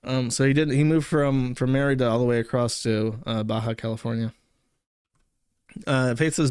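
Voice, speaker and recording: A man's voice: mid-range voice, steady tone, creaky, darkish tone, clean tone, no echo. A male commentary host in a mid-range voice, recounting a story in a loose, rambling way. He stumbles and corrects himself often, and the recording is dry and close. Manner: rambling, halting with many fillers and self-corrections. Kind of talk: casual online commentary.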